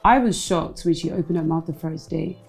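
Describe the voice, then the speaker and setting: A woman's voice: low voice, a little fast, creaky, a little mellow, soft background music, poor audio. A woman, a former reality show contestant, talking frankly in a casual interview and slipping Igbo phrases into her English.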